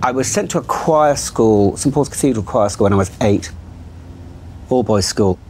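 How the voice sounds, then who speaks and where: Frank well-spoken man, low voice. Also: lively intonation, moderate pace, over music. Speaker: TV channel executive in a therapy session. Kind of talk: candid conversation.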